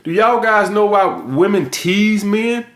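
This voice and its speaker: In a reverberant space, a middle-aged man with a high, expressive voice speaks slowly on his vlog, lecturing viewers bluntly. His casual monologue is full of swearing and delivered with heavy emphasis.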